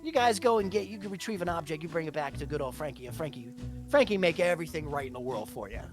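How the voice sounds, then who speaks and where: A man's voice: fairly high pitch, expressive, fast, music in the background, close to an everyday voice. A man playing a shady, greedy shopkeeper who talks in a wheedling, stammering way. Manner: wheedling, stammering, full of fillers.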